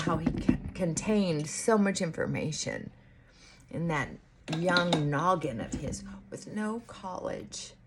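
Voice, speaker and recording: A woman chatting casually to camera while getting ready, musing aloud with pauses and restarts. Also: low voice, noisy background. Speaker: vlogger. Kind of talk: casual get-ready-with-me chat.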